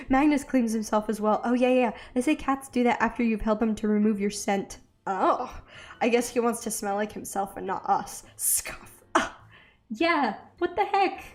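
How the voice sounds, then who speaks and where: A young woman chatting casually as she draws for a video, self-deprecating and quick to laugh. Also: fairly high pitch, animated. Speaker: art vlogger. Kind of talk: casual chat while drawing.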